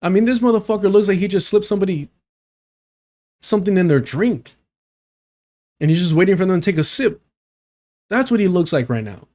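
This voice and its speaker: Male live-streamer, reacts to debate clip, swears a lot, incredulous and heated, slightly high voice. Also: lively intonation, fairly quick, long pauses, a little mellow.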